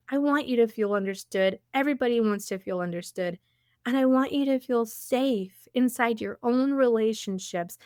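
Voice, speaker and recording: A woman's voice: fairly high pitch, no room sound, studio quality. A woman hosting a podcast, coaching listeners in an encouraging way and often checking in with them. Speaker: podcast host.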